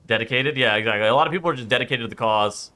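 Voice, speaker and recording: A man's voice: medium pitch, racing, sharp tone. A man chatting casually on a game stream, rambling, swearing freely and laughing often.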